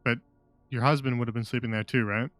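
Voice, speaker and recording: A man's voice: medium pitch, steady tone, fast, a bit bright, no echo, faint music behind. A man streaming a game live, with sarcastic, joking commentary and frequent laughs.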